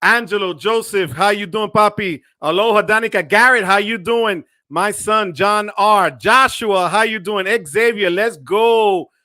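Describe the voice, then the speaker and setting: High, bright-voiced male livestream host. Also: a little slow, hardly any pauses, no room sound, studio quality. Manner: hypes up viewers with shout-outs. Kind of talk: energetic livestream chat. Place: home studio.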